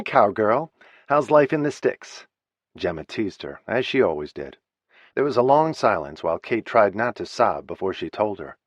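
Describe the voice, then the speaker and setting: A man narrating an audiobook in a measured, somber reading. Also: on the low side, dry recording. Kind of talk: scripted narration. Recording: slightly muffled dry studio recording.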